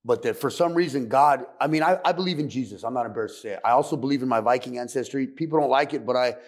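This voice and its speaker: A man from California, a podcast guest, telling his story candidly in a soft-spoken, profane, reflective way. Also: medium pitch, rapid-fire. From San Fernando Valley, California.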